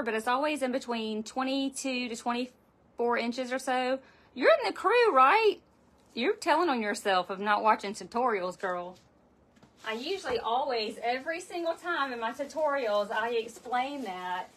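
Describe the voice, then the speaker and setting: A woman's voice: on the high side, a bit bright. Chatty woman hosting a craft livestream. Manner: talkative, chats with live viewers by name. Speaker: wreath-making host. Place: home craft room.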